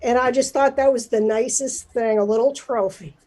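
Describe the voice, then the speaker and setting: A middle-aged woman publisher, chatty and emotional, talking in a livestreamed interview. Her voice is a bit high and mellow, with plenty of fillers. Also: fairly even intonation, moderate pace, rough recording. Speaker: newspaper publisher, guest.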